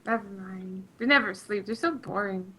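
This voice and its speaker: A woman's voice: medium pitch, moderate pace, a crowd in the background. A woman playing a tabletop game, chatting casually with filler words. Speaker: player.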